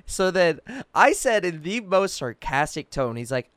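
A man chatting casually as host, with a smooth, resonant voice that swings up and down a lot. He talks loosely, full of fillers and quick laughs. The sound is dry and close. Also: high voice, big pitch swings, fairly bright tone, no echo. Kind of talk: casual chat.

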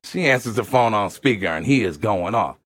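A man telling a comic story to friends, animated and slangy, often breaking into laughter. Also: fairly low pitch, brisk, no room sound, studio quality. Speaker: storyteller reading a thread to friends.

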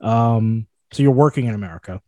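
A man hosting a casual news podcast, reading articles aloud and adding quick asides. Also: lowish voice, dark tone, dry recording. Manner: reads headlines aloud then riffs with asides. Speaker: podcast host.

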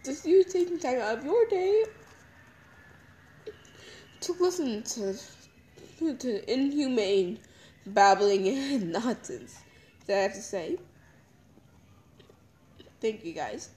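A young woman crying as she talks through her feelings in a halting, repetitive confessional monologue. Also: a little high, animated, dark tone, rough recording. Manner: halting, emotional, repeats herself. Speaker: podcast host.

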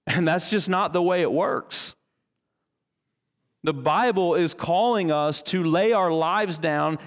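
A man preaching a sermon as pastor, reading scripture with a lifted voice and dropping low and quiet to drive his points home. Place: church sanctuary. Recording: long reverb of a large church hall.

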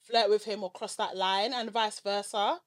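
A woman's voice: mid-range voice, steady tone, moderate pace. A woman co-hosting a podcast, explaining her views at length in casual, opinionated chat. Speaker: podcast co-host.

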